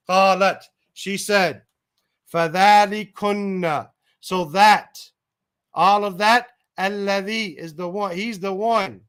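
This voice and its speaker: A fairly high-pitched man leads a Quran translation class. He reads a short Arabic phrase, then restates it in English several ways, one word at a time. Now and then he stops to fix a slip or think through a point of grammar out loud. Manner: pauses to self-correct and check grammar aloud. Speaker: Quran teacher.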